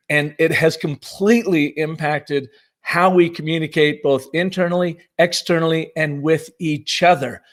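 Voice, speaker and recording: A man in his fifties giving an enthusiastic, punchy conference presentation on storytelling. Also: on the high side. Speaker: marketing speaker.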